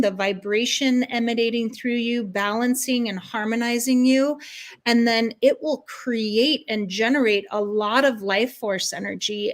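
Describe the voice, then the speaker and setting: A woman guest, a spiritual guide and life coach, answers interview questions earnestly and soothingly, linking ideas in long, flowing lists. Her voice is a little high.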